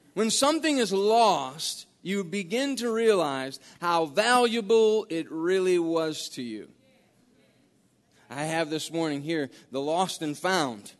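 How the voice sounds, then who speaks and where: A man preaching as a guest pastor, folksy and halting, with many restarts. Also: sits high. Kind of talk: sermon with storytelling. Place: church sanctuary. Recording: long church-hall reverb.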